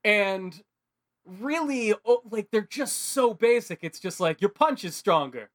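A man co-hosting a podcast in casual chat, rambling and animated, with heavy filler words. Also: high voice, unhurried. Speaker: podcast co-host.

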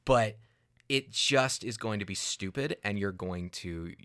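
Young male podcast cohost, low and bright tone, rambling, sarcastic, casual. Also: unhurried, clear, resonant tone. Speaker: podcast co-host. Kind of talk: casual chat.

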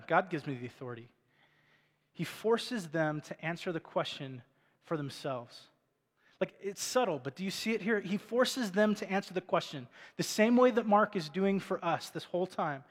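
A man's voice: on the high side, in a large hall. A man preaching a sermon as pastor from a church stage, talking in a conversational way and asking the congregation rhetorical questions.

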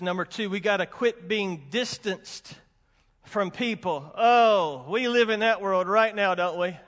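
A man's voice: sits high, fairly bright tone. A man preaching a sermon as pastor, emphatic and folksy, repeating his warnings with humorous asides. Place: church sanctuary with congregation. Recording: long hall reverb.

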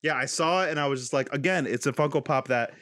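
A man co-hosting a casual podcast, animated and laughing often, swearing freely as he chats. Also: medium pitch, quick pace, no room sound. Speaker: podcast co-host.

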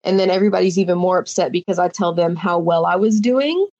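A woman's voice: fairly low pitch, fast, a little mellow, muffled recording. Young woman telling an emotional story. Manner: emotional, rambling, filler-heavy storytelling. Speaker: reality show contestant, guest. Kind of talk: casual interview chat.

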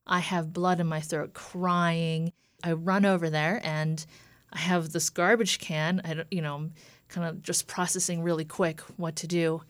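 Low-voiced woman telling her story. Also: no room sound. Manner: earnest, retelling with quoted dialogue. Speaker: guest. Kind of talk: personal story in an interview.

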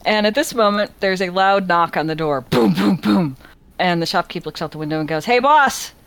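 A woman narrating a tabletop game as dungeon master, relaxed and laughing often. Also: lowish voice, fairly quick, gravelly, no echo.

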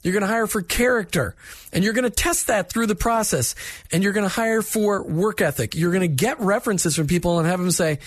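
A man with a notably high voice talks through workplace advice in a direct, plainspoken way. The recording is dry and close, with no room sound around him. He sounds instructive and conversational, like a manager coaching other managers. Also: fairly quick, no echo.

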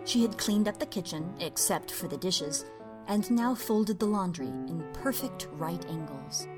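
Woman, story narrator, expressive, playful, lower voice, faint music behind. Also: measured pace.

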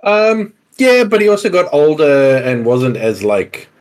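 A man's voice: a little high, sing-song, unhurried. A man co-hosting a podcast in casual chat, laid-back and hedging, swearing casually. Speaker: podcast co-host.

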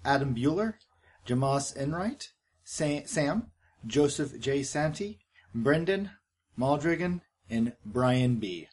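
A man's voice: medium pitch, lively intonation, takes it slowly, a little mellow. A man introducing himself as a tabletop player, breezy and mock-formal. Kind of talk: casual chat.

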